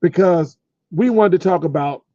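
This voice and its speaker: A man's voice: sits high, normal speed, mellow, dry recording. A man co-hosting a casual podcast chat, often repeating words as he searches for what to say. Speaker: podcast co-host. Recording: dull dry lo-fi sound.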